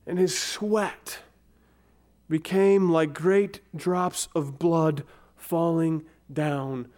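A man preaching a sermon, slow and dramatic, his voice dropping to a near whisper on key words. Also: a little high, darkish tone. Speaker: pastor.

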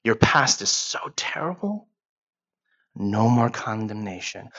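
A man in his forties preaching a sermon, repeating his lines and swinging from hushed to emphatic. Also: fairly high pitch, dull audio. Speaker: pastor.

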